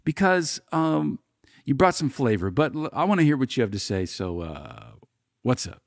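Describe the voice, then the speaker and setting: A man from Oklahoma with a slight drawl hosts a podcast, chatting in an upbeat, rambling way with fillers. His medium-pitched voice is sing-song with vocal fry at a normal speed, and the recording is studio quality with no echo.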